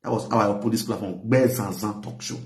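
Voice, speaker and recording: A Nigerian man hosting a talk show, delivering animated gossip commentary that mixes pidgin and a local language, his voice leaping up when he gets heated. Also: on the low side, quick pace, roomy sound.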